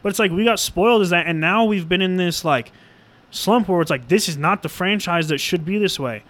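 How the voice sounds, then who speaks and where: A young man in casual sports chat, excitable and given to yelling and swearing when he rants. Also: sits high, fairly quick.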